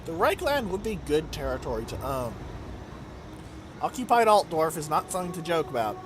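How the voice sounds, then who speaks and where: A man's voice: on the high side, very animated, brisk, music in the background. A man giving casual, chatty commentary over his strategy game let's play, swearing now and then. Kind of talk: gameplay commentary.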